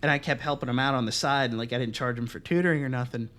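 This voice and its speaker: A young man co-hosting a podcast, telling a story in casual, profane chat and acting out the other voices loudly. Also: medium pitch, very fast. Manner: animated, profane, acts out quoted voices loudly. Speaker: podcast co-host.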